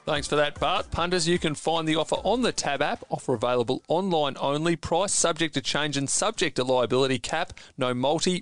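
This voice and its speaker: A man, a podcast host reading betting disclaimers quickly. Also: fairly high pitch, fairly bright tone, dry recording.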